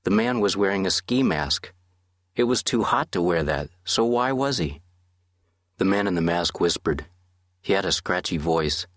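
A man narrates an audiobook in a steady, measured way. His voice is very low and husky, recorded close and dry with no room sound. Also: dry recording. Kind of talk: scripted narration.

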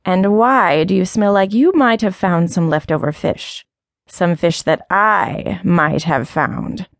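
A woman voicing a scornful old female alley cat with a deep, raspy, taunting voice and a slow sing-song delivery. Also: no room sound, studio quality.

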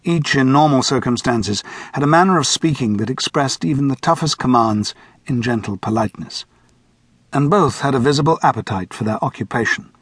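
A man narrating an audiobook in the first person, measured and steady, close to the mic. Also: mid-range voice, husky, no room sound. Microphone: close studio mic.

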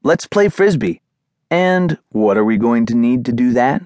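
A man voicing a calm, patient male dog who leads his friends with coaxing questions. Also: mid-range voice, a little slow, dry recording, clean studio sound, close to an everyday voice.

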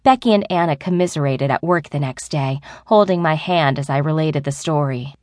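A woman narrating an adult audiobook in the first person with an even storytelling delivery. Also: deep voice, moderate pace, dry recording, studio quality.

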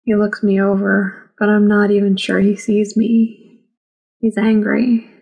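A woman narrating a first-person memoir audiobook in a slow, measured reading. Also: mid-range voice, completely flat delivery, vocal fry, darkish tone, breathy edge, rough recording.

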